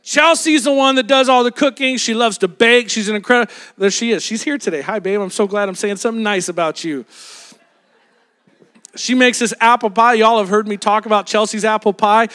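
A man's voice: high-pitched, brisk, fairly bright tone. A young man preaching a sermon as a pastor, telling a Bible story in a casual, humorous way and acting out the voices of the people in it.

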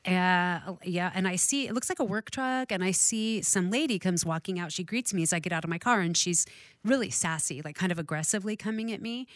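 Middle-aged woman, low-ish voice, animated storyteller, dry close sound. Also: brisk, no room sound. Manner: animated storyteller, acts out dialogue, laughs often. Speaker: real estate investor. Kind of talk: casual storytelling chat.

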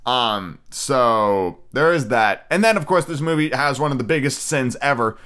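A man's voice: medium pitch, lively intonation, moderate pace, sharp tone, smooth. A young man hosting a podcast, rambling through a casual movie review, swearing and cutting himself off mid-sentence. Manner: rambling, profane, self-interrupting. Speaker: podcast host.

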